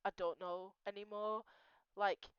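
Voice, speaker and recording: A woman's voice: medium pitch, flat delivery, a little slow, clear, resonant tone, dry recording, lo-fi sound. A young woman venting about school in a rambling personal vlog, swearing often, restarting her sentences and crying as she talks. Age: young adult. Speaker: vlogger. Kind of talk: emotional personal vent.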